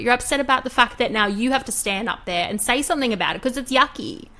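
A woman's voice: a little high, animated, quick pace, hardly any pauses, bright, forceful tone. Heated woman podcast host. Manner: heated, swears, mimics politicians. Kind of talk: casual podcast chat.

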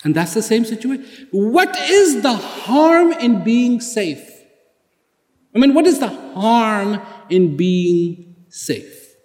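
A man's voice: high voice, big pitch swings, takes it slowly, darkish tone. A man giving a motivational speech, building his points with rhetorical questions, repeated words and acted-out exchanges. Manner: emphatic, repeats key words. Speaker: public speaker. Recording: echoey hall reverb.

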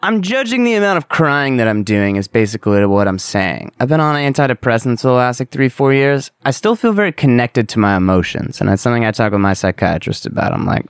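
A man's voice: mid-range voice, big pitch swings, brisk, few pauses, clear, resonant tone, dry recording, studio quality. A young man hosting a solo podcast, talking candidly and rambling, with casual swearing. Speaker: podcast host.

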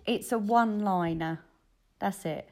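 A woman co-hosting a podcast, chatting excitedly and laughing often. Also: medium pitch, unhurried. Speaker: podcast co-host. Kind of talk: casual chat. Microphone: earphones in.

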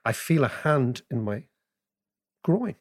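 A man, co-hosting a podcast in casual chat, telling lively anecdotes and explaining economics. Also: mid-range voice, slow pace. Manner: animated, laughing anecdotes. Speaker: podcast co-host.

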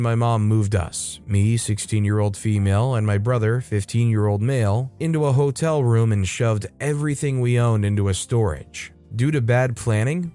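A man narrating online revenge stories in a scripted, expressive reading style. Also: medium pitch. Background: faint background music.

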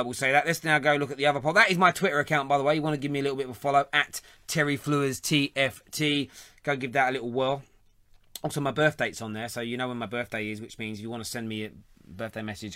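A man's voice: medium pitch, steady tone, quick pace, bright, forceful tone, no echo. A man, hosting a show in casual, joking chat. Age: 30s. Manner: chatty, laughing banter. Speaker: host.

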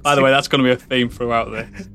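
A man's voice: medium pitch, fairly even intonation, fast, fairly bright tone. A man playing a tabletop game, talking brashly in character with heavy swearing. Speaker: player. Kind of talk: casual in-character banter.

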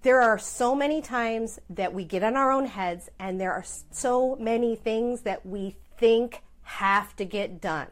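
A woman's voice: on the high side, a little slow, hardly any pauses. A middle-aged woman who runs her own business and is a mother, giving chatty, self-deprecating advice in a casual vlog.

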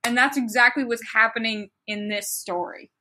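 A young woman with a bright, forceful voice pitched a little high, co-hosting a casual chat podcast. She reads a fan story aloud and breaks off into exasperated, swearing asides. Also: normal speed. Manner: animated, exasperated, swears freely, bursts into laughter.

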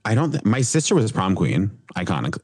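A man's voice: fairly low pitch, sing-song, fairly quick, darkish tone, dry recording. A young man chatting casually as a podcast guest, full of filler words and restarts. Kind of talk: casual chat.

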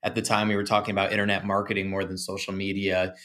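A man's voice: low-pitched, completely flat delivery, quick pace, a bit bright. A man who is a guest on a podcast, answering in an easygoing way with frequent fillers. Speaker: guest, social media consultant. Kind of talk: casual interview chat.

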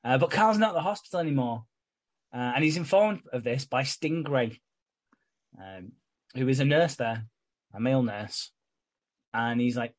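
A man co-hosting a casual podcast, recapping a soap with swearing and quick voiced asides. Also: medium pitch, lively intonation. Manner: laughing, swearing, acting out characters in quick asides. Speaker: podcast co-host.

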